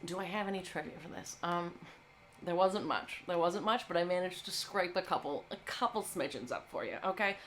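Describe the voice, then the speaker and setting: A woman's voice: fairly low pitch, brisk, a bit bright, a little hiss or hum. A woman hosting a live movie stream, talking to her chat in a playful, chatty way.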